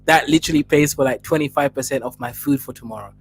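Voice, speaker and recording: Faint music runs under a fast-talking man with a medium-pitched voice and an East African accent. Hosting a casual livestream, he reads viewers' messages, laughing and teasing them while addressing the chatters straight on.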